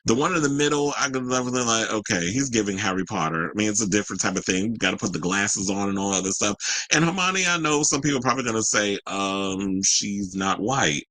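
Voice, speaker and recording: A man's voice: fairly low pitch, quick pace, pushed and bright, no echo, rough recording. A young adult man hosting an entertainment news show, giving sassy, chatty pop-culture commentary with slang asides.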